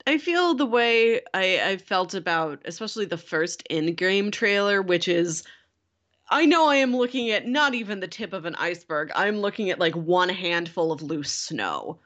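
Lower-voiced woman podcast co-host. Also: normal speed, dull audio. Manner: relaxed, frequent "like" fillers. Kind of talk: casual chat.

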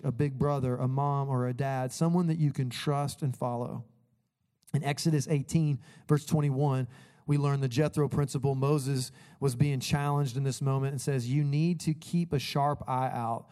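A man preaching a sermon, telling lively stories and laughing at himself as he goes. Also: medium pitch. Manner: animated, laughs at his own stories. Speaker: pastor. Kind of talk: sermon with storytelling.

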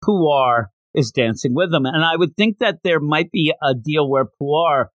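A man hosting a podcast, casually recapping a manga chapter in an animated way and slipping into quick character voices. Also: on the high side, no room sound. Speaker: podcast host.

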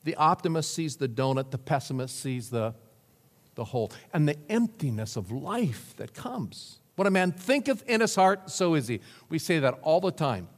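A man's voice: on the high side, sing-song, normal speed. A man preaching a sermon, telling stories with chuckles and acting out the voices of the people in them. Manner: storytelling with chuckles, acting out quoted characters. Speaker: pastor. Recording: reverberant hall.

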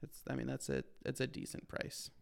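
A man's voice: medium pitch, flat delivery, brisk, gravelly. A man co-hosting a faith podcast in casual chat, wry and teasing, laughing easily along with his friend. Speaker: podcast co-host.

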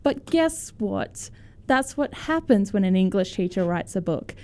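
A woman's voice: medium pitch, very animated, unhurried, warm tone. A young woman co-hosting a casual chat about books, rambling a little and laughing as she reacts to reviews. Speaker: co-host of a book talk.

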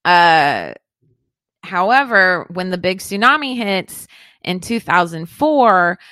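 Slow, bright-voiced woman telling a story. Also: fairly low pitch, very animated, clean tone, no room sound. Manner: profane, rambling, filler-heavy. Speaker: podcast host. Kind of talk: casual storytelling chat.

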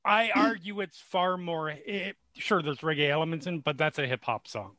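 A man's voice: fairly high pitch, moderate pace, bright, forceful tone, no room sound. A man chatting at a tabletop game, arguing points in a dry way. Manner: argumentative, dry. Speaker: player. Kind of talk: casual chat at a tabletop game.

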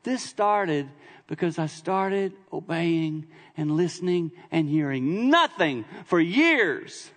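With a fairly bright, higher-than-average voice, a middle-aged visiting preacher takes his time, sounding animated as he tells funny, conversational stories in a church sermon. Sudden bursts of emphasis break through, and the sanctuary's long hall reverb hangs on every word.

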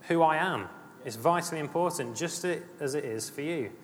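A man's voice: on the high side, moderate pace. A man preaching a sermon, earnest and emphatic, often repeating his phrases. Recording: long hall reverb, faint ambient noise.

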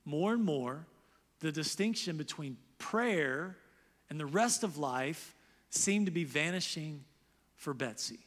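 Male pastor, high lively sermon voice, long church reverb. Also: slow pace. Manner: animated, voices quoted characters loudly.

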